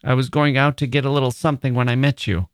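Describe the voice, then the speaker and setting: A man voicing a poor, weary old woman, husky and hurried. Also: mid-range voice, little pitch movement, no echo, clean studio sound, pitched above the performer's own voice, lightly acted. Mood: anxious.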